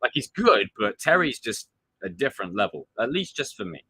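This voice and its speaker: Excitable guy doing casual live stream chat, voice jumps all over, bright and punchy. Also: fairly low pitch, brisk, a little hiss or hum. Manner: animated, excitable, acts out quotes.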